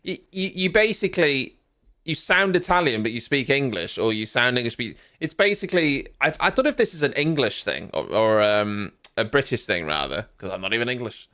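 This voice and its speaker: A man's voice: medium pitch, lively intonation, brisk, bright, forceful tone. A man giving casual live reaction commentary as a streamer, rambling and chatty, with frequent fillers and asides.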